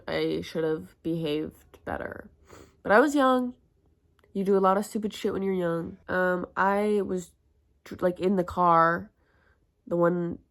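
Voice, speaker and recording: Crude chatty young woman with vocal fry. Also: on the low side. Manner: chatty, crude and self-mocking, heavy use of "like". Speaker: vlogger. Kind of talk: casual storytime.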